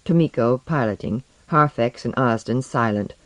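A narrator reading a science-fiction story aloud in measured storytelling. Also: mid-range voice, a bit bright, no room sound. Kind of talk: audiobook narration.

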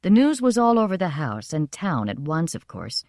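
A woman narrating a first-person story in a measured, expressive reading. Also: low voice, dry recording, clean studio sound. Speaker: audiobook narrator.

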